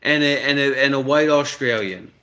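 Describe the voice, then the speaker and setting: A man's voice: mid-range voice, moderate pace, sharp tone. A man in casual banter with a voice assistant, pushy and crude, repeating his demands and coaxing. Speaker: host.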